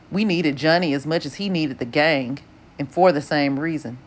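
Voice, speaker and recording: A woman narrating an audiobook with steady, even storytelling. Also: sits low, normal speed.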